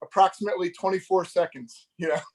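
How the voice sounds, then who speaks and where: Man, middle-aged, high-pitched, animated, laughing, voices other people in his stories, casual live chat. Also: brisk, vocal fry. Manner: animated, laughing, acts out dialogue. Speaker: fishing magazine editor, guest. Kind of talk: casual storytelling on a live show.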